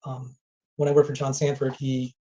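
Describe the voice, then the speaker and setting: A man speaking as an interview guest, telling anecdotes in a rapid flow and often repeating words. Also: medium pitch, monotone, mellow, poor audio. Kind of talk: conversational interview.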